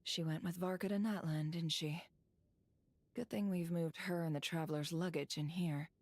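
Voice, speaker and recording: A woman voicing a calm, gentle female game character who muses softly to herself. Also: on the low side, normal speed, dry recording. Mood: musing. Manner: soft, calm, musing to herself. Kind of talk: game voice acting. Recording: game music under the voice. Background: game music.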